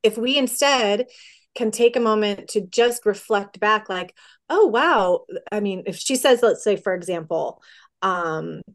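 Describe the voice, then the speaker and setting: A middle-aged woman giving parenting advice in a podcast conversation, often acting out what a parent and child might say. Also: medium pitch. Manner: acts out parent-child dialogue with quick quoted voices. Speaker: parenting guest.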